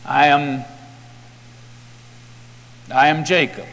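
A man's voice: a little high, little pitch movement, extremely slow, creaky, a bit bright, in a large hall, heavily acted. A man voicing a desperate, guilt-ridden man who pleads with intensity. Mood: confessing.

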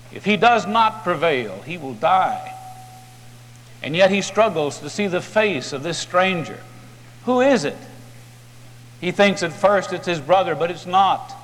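Brief: male preacher, slow and dramatic storytelling, fairly high voice, long hall reverb. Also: fairly bright tone. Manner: dramatic, vivid retelling.

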